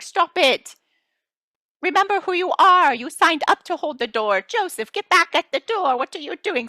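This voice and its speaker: A woman's voice: on the high side, no room sound. A woman channeling a playful collective of star beings who teases and reassures listeners, calling them children. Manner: addresses listeners as children, gently scolding. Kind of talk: channeling session.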